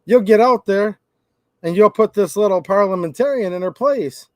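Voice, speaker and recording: Guy putting on a bossy politician grabbing control, taunting, kinda high voice, dry sound. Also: moderate pace, dry recording, lightly acted. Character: brash male politician seizing command.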